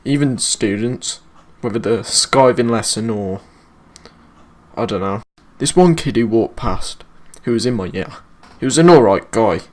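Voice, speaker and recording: A man's voice: on the low side, a little slow, darkish tone. Sweary British young man telling a story. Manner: sweary, slangy retelling. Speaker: vlogger. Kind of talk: casual story time.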